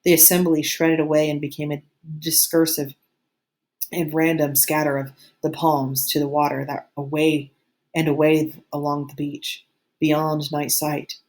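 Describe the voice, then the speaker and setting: Teacher reading aloud, female, lowish voice, steady storybook narration. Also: a little slow. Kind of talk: audiobook reading.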